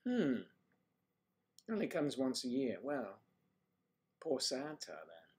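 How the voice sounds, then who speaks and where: Slow and medium-pitched but with huge swings in pitch, a livestream host from the Washington DC area reads viewers' comments. He has no marked accent and keeps things jokey, chatty, and teasing.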